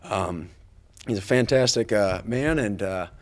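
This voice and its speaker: A fairly low-voiced man in his thirties speaks as a football coach at a press conference. He sounds earnest and grateful, and he restarts his sentences often. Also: expressive, measured pace. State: a little choked up.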